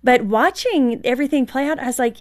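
A middle-aged woman speaking as an interview guest, calm and reflective with gentle amusement. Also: high voice, a little fast. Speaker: guest, marriage author. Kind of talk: casual interview storytelling.

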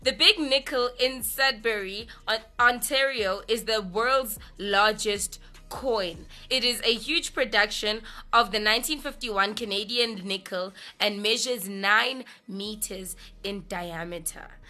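A woman's voice: mid-range voice, measured pace, pushed and bright. A young South African woman with a South African accent hosting a radio show, chatty and informal, full of "like" and "listen". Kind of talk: casual radio chat.

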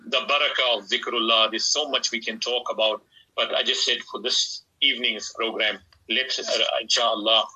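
Man Islamic scholar guest on radio, raspy and very sharp tone, fervent, drawn-out emphasis. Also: fairly low pitch, rough recording. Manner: fervent, stretching words for emphasis. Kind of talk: devotional talk on a radio program.

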